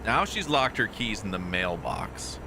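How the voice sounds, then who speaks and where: A man's voice: fairly low pitch, sing-song, measured pace, background noise. A man chatting casually during a live game stream, teasing and talking to viewers and people off-mic. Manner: chatty, teasing, talks to chat and off-mic family.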